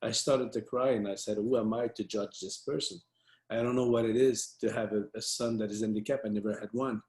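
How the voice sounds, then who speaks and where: A man's voice: lowish voice, fairly even intonation, fairly quick, a little mellow. Man, earnest motivational speaker, storytelling, restarts often, roomy echo. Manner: earnest, many restarts and fillers. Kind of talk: storytelling talk.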